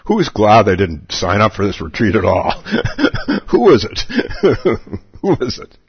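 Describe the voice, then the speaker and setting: A man's voice: on the low side, big pitch swings, unhurried, slightly rough, no echo. A man giving a dharma talk as a Zen meditation teacher at a retreat, playful, chuckling often and repeating his questions. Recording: dull lo-fi recording.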